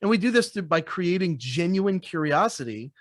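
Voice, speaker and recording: A man's voice: high-pitched, very animated, normal speed, no room sound, studio quality. A man who trains salespeople, talking in a casual interview and acting out phone calls, laughing often.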